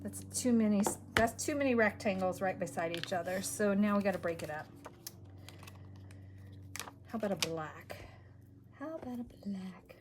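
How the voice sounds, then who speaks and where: A woman's voice: mid-range voice, moderate pace, long pauses, noisy background. A woman hosting a crafting video, thinking aloud as she works and muttering half to herself. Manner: talks to herself while working, trailing off and muttering. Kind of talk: casual crafting commentary.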